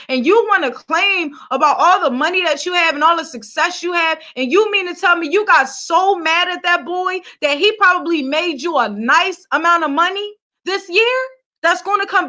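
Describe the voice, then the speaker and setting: A woman's voice: very high voice, bright, forceful tone. A woman from Philadelphia hosting a celebrity gossip vlog, ranting heatedly and cursing as she talks straight to the camera. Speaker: vlog host.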